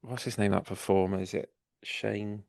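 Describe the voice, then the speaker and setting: A man's voice: lowish voice, fairly even intonation, normal speed, vocal fry, a little mellow, no echo, clean studio sound. A man co-hosting a podcast, chatting about an old sitcom, laughing a lot and quoting its lines. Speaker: podcast co-host. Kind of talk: casual chat reviewing a sitcom episode.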